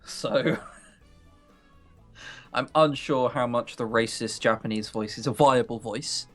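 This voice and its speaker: A man's voice: mid-range voice, slow pace, fairly bright tone, faint music behind. A young man from Sussex with a southern English accent, hosting a game stream in casual, joking chat and laughing often. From Sussex, England. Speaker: let's play host.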